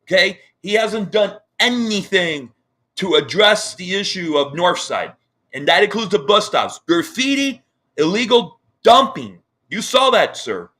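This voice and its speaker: A man with a high, bright voice hosts a live interview over a video call. He talks with heated passion, apologizing for getting emotional and circling back over his points. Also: sing-song, unhurried. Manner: impassioned, upset, repeats himself. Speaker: online news show host.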